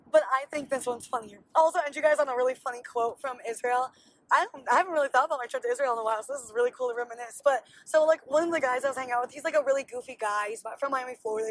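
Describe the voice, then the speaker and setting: A woman's voice: high voice, quick pace, no room sound, low-quality recording. A young woman in her twenties hosting a casual solo podcast, telling stories in a chatty, bubbly way full of "like". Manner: chatty and bubbly, heavy use of "like". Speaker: podcast host.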